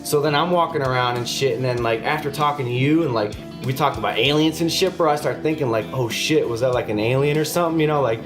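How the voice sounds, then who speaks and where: A man's voice: medium pitch, fast, few pauses, music in the background. A man co-hosting a podcast, telling a story in casual, swearing chat. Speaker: podcast co-host.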